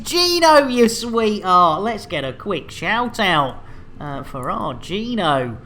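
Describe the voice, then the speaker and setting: A man's voice: high voice, big pitch swings, takes it slowly, sharp tone. A man casually bantering while streaming a game, rambling and joking with laughs. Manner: jokey, rambling, laughs a lot.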